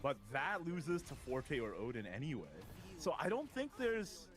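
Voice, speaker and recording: A man commentating a card game tournament, analytical and bursting into laughing excitement at big plays. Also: fairly high pitch, normal speed. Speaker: caster.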